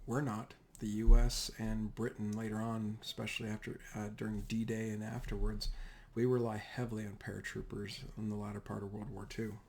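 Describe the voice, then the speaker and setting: A man's voice: on the low side, monotone, brisk, creaky, darkish tone, slight background noise. A man giving a casual, rambling history lecture over slides, often correcting himself mid-sentence. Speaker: history teacher.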